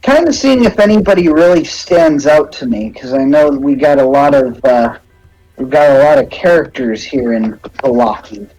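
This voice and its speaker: A man's voice: mid-range voice, expressive, moderate pace, a little mellow, soft background music, rough recording. A man playing a tabletop game, hesitant with many fillers. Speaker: player. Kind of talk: tabletop play.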